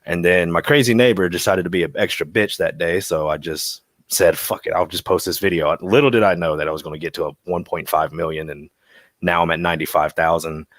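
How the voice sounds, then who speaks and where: Deep-voiced man with a dry sound. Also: fairly quick, fairly bright tone, dry recording. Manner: loose, filler-heavy, swears. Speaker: guest. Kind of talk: casual interview chat.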